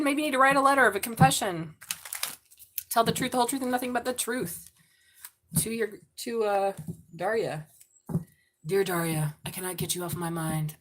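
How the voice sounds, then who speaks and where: A woman's voice: fairly high pitch, a bit bright, slight background noise. A middle-aged woman giving a live-stream tarot reading, blunt and profane, joking and laughing often. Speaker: tarot reader.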